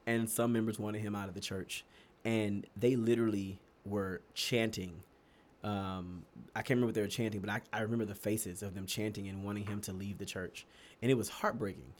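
A young man from Texas telling stories in a casual chat, animated and laughing often, his pitch leaping up for emphasis. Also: a little fast. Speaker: podcast co-host.

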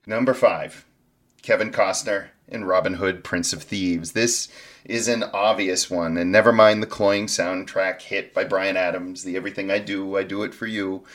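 A man with a fairly low voice delivers dry, sarcastic movie commentary as a podcast co-host. He often chuckles at his own lines. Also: fairly even intonation, unhurried, fairly bright tone. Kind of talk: casual movie-review chat.

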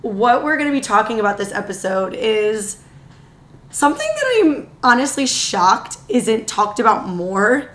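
Fairly high-pitched and audibly tired, this podcast co-host chats casually. Her delivery is excitable and talkative, full of quick asides.

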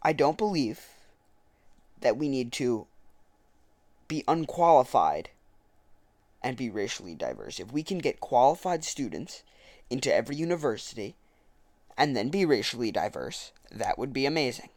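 Guy ranting back at a political speech, dry sound, average pitch. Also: big pitch swings, moderate pace, long pauses, a little mellow, no echo. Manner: argumentative, self-correcting. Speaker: political commentator. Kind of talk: reading a speech aloud and commenting on it.

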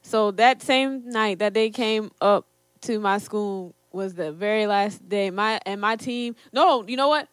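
Here a young adult woman uses a mid-range, clear, resonant voice, a little slow and free of echo. As storyteller and co-host, she shares a personal story to camera in a casual way, laughing frequently and quoting her parents.

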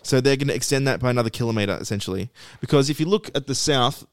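Man, casual podcast explainer, middle pitch, repeats and restarts words, dry close mic. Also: quick pace, no room sound. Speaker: podcast co-host presenting a segment.

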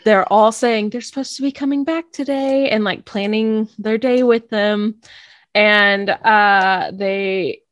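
A young woman co-hosting a podcast, retelling an anime episode in casual chat, animated and laughing often. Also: medium pitch, slow pace, no room sound. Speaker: podcast co-host recapping an anime.

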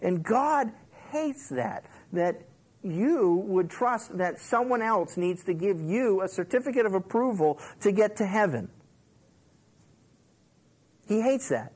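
Animated, conversational male pastor preaching. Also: high-pitched, takes it slowly, breathy edge, low-quality recording. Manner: animated storytelling, acts out quotes and laughs along; conversational, many fillers like "you know". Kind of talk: sermon, Bible teaching.

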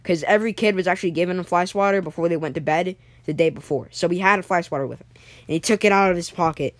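With a mid-range voice and no echo in the recording, a young storyteller makes up a story episode on the spot. The telling is halting, full of restarts and self-corrections.

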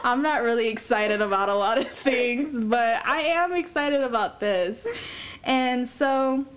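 A young woman hosting a podcast, chatting casually in a low-key, somewhat monotone way and laughing easily. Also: a little slow, clean tone. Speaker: podcast host.

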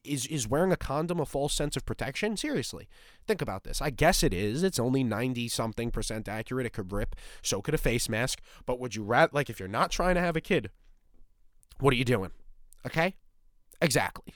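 A man's voice: a little high, no echo, clean studio sound. A young man ranting in a profane, exasperated monologue as a podcast host.

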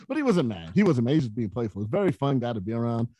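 A man telling casual stories as a podcast guest, his pitch sitting a touch high and swinging widely as he gets animated. The sound is dry and close, with no room echo. He laughs easily between lines. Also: racing, few pauses. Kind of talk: casual storytelling.

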